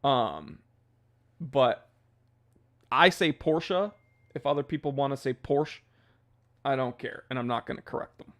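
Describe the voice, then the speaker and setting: A man's voice: mid-range voice, expressive, measured pace, pauses often, fairly bright tone. Rambling male livestream host. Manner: rambling, loose, laughs at his own jokes. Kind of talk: casual livestream chat.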